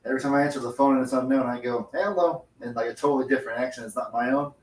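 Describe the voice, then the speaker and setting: A man's voice: mid-range voice, little pitch movement, rapid-fire, far from the mic, slight background noise. A man joining a casual livestream chat beside the host, with dry, jokey asides. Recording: roomy sound from off-mic.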